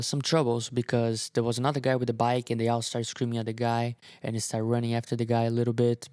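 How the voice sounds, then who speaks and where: A man vlogging to camera, earnestly telling a story with halting pauses and fillers. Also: mid-range voice, clean tone, no echo, clean studio sound.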